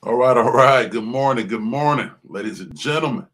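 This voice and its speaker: A man's voice: medium pitch, a bit bright. Hyped man hosting a morning show. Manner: hyped, fast talk switching to laid-back chat. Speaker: podcast host.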